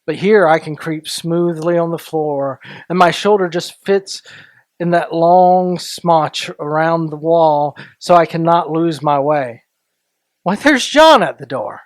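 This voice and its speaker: A man hosting a story podcast, reading a classic tale aloud in a deliberate, sometimes hushed way. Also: on the high side, animated, no room sound. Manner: slow, deliberate, softening into hushed tones. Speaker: story reader and podcast host.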